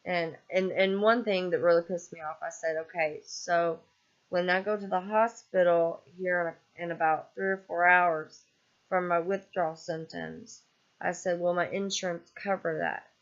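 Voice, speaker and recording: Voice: mid-range voice, fairly even intonation, normal speed, a bit bright. A vlogger venting in an angry, exasperated rant with a lot of swearing, sounding weary and fed up. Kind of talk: casual venting monologue. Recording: dull lo-fi recording.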